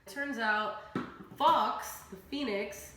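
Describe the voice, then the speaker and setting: A tipsy woman in her twenties, hosting and retelling a story in a casual, animated, heavily profane way. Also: a little high, extremely slow. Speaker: host. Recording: echoey room with faint noise.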